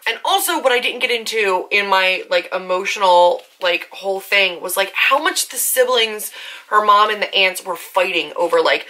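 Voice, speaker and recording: A woman's voice: medium pitch, pushed and bright. A young woman book vlogger chatting casually and emotionally about a novel she reread. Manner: emotional, talks through tears and laughter about the book; chatty, fast filler-heavy talk. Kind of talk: casual book review vlog with read-aloud passages.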